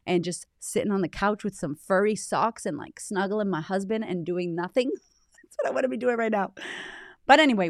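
A woman in her late thirties hosts a motivational podcast from home, talking straight to her listeners in a chatty, emphatic, playfully profane way. Her voice sits at a middling pitch, close to the microphone, with a dry sound and no room echo. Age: 30s. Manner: chatty, emphatic, swears casually. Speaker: podcast host. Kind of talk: casual motivational podcast talk. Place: home in Australia.

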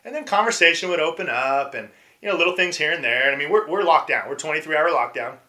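Very bright-voiced male podcast guest. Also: a little high, fast talker. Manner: animated, acts out quotes, frequent restarts. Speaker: podcast guest, former pro baseball player. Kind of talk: casual storytelling interview.

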